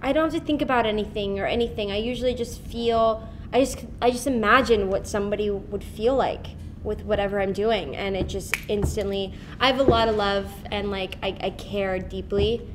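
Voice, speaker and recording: A young actress chatting and giggling through a convention panel Q&A, with lots of fillers. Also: female voice, medium pitch, fairly even intonation, a little fast, noisy background. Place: convention hall.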